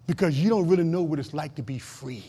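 A male pastor with a notably high voice preaches to his congregation in a church. He repeats short calls to action and swings between loud, driving emphasis and quiet, low asides. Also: fast, breathy edge. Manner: preaching with rising and falling intensity, repeating short exhortations. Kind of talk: sermon.

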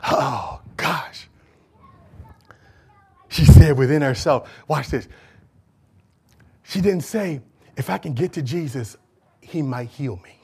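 High-voiced preacher man, emphatic sermon. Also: slightly rough. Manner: emphatic, rhetorical questions, swings from shouting to hushed.

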